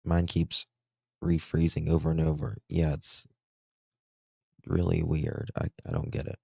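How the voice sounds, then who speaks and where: Deep-voiced man, slow rambling livestream host, dry close sound. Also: completely flat delivery, vocal fry, dark tone, husky, no room sound. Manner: slow, rambling, thinking aloud. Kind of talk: casual livestream commentary.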